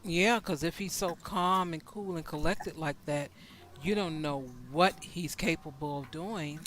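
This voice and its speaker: A man co-hosts a casual chat, musing uneasily in a conversational tone. His voice is bright and a touch high. A faint hiss runs behind him. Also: a little slow. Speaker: co-host.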